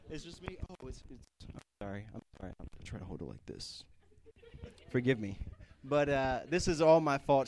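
A young man giving a casual, comedic sermon, animated and joking as he acts out people praying. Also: a little high. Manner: animated, jokey, acts out prayers in put-on voices. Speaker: youth speaker.

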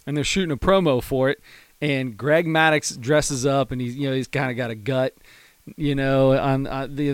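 A man in a casual sports chat, telling a story in an animated way and briefly putting on high voices to quote people. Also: clear, resonant tone, no room sound.

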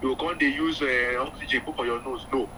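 A male doctor explaining vaccines on radio in Nigerian Pidgin, patient and clear. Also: mid-range voice, fairly even intonation, a little fast, pushed and bright, slight background noise, poor audio. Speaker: doctor guest.

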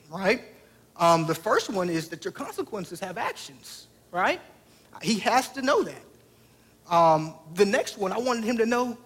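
High-voiced man preaching a story sermon. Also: a bit bright. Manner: conversational, direct questions to the congregation. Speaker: pastor.

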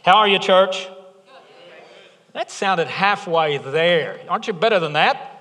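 A man's voice: high voice, animated, a little slow, pushed and bright. A middle-aged man preaching a sermon as pastor, joking and chatty, building to emphatic points. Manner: jokey, conversational preaching with rising emphasis. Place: church auditorium. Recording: long reverb of a large hall.

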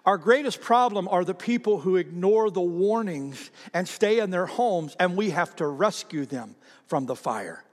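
Male pastor, sermon, high-pitched, animated, repeats words, long church reverb. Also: measured pace. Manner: animated, repeats words, calls on the congregation to read aloud. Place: church sanctuary.

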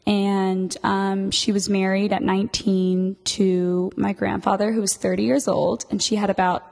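A woman guest on a storytelling podcast, chatting casually in a lively way, laughing often. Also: mid-range voice, measured pace, gravelly, in a large hall.

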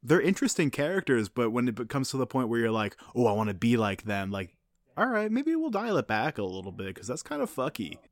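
A man's voice: medium pitch, fairly quick, no echo, clean studio sound. A man with a stuffy nose co-hosting a podcast, chatting casually and animatedly about films. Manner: animated, laughs often, frequent "like". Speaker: podcast co-host.

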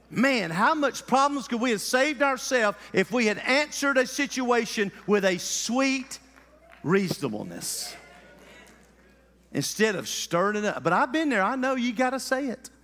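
A male preacher, preaching an animated sermon and calling out to his congregation. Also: extremely high pitch, in a large hall. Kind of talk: lively sermon. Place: church sanctuary.

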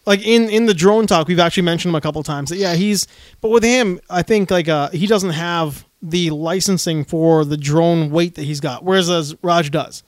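A man's voice: a little high, moderate pace, dry recording, clean studio sound. A man talking casually as a podcast co-host, chatty and laughing easily. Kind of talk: casual chat.

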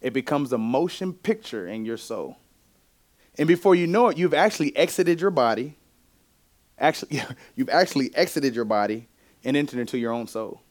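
A man's voice: medium pitch, lively intonation, normal speed. A male pastor preaching a sermon in church, in a conversational way, often asking the congregation questions.

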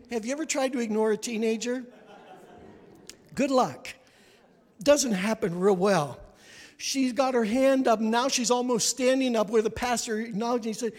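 Guy preaching, high voice, acts out his stories and gets loud, big echoey church. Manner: dramatic, acts out the people in his stories, rising to near shouting. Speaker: guest preacher. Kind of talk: sermon storytelling. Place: church sanctuary.

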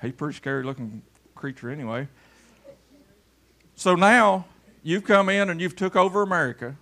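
Speaking at an ordinary pace with lively intonation, a male pastor from Kentucky preaches a homey sermon in church. He calls people up front for a demonstration, his volume rising to loud calls and dropping to low murmurs.

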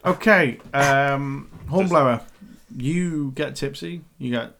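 A man's voice: medium pitch, slow pace, vocal fry, a bit bright, a little hiss or hum. A man acting as dungeon master, narrating a tabletop game in a chatty way with laughing asides.

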